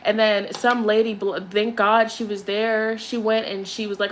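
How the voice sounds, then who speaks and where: A woman's voice: mid-range voice, fairly quick, hardly any pauses, slight background noise. A young woman who reads tarot, chatting casually and telling a story with lots of swearing before doing a candle ritual. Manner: chatty, profane, animated storyteller. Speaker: tarot reader.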